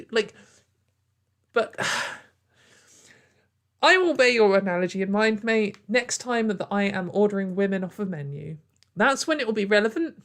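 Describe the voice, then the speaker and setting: A woman's voice: mid-range voice, unhurried, pauses often. Sarcastic woman ranting. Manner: sarcastic, exasperated, laughs often. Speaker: online commentator. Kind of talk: ranting commentary video.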